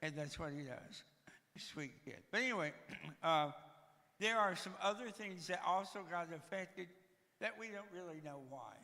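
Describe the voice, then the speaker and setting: An older man in his 60s from Tennessee, USA, with a breathy, gravelly voice, gives a humorous personal testimony as a guest speaker in a church sanctuary. His voice is high, bright and forceful, expressive at a moderate pace, with heavy audible breathing, as he tells self-deprecating jokes in the reverberant hall.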